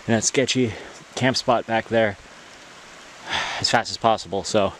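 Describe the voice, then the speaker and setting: A man's voice: lowish voice, steady tone, a little slow, long pauses, a little hiss or hum. A man filming himself on a hike outdoors, giving casual, wry running commentary. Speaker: hiker filming his trip. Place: outdoors on a forest trail.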